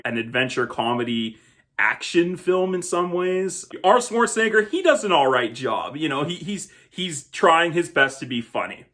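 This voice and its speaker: A man's voice: medium pitch, fairly bright tone. A man hosting a film review show, talking casually and conversationally about a movie. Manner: chatty, conversational, laughs now and then.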